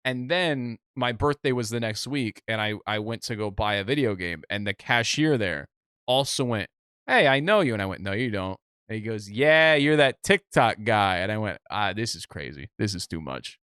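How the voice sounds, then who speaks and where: A young man co-hosting a casual podcast, telling animated stories and acting out what other people said. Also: lowish voice, moderate pace, clear, resonant tone, dry recording, clean studio sound. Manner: animated storytelling, acts out other people's lines. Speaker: podcast co-host. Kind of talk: casual chat.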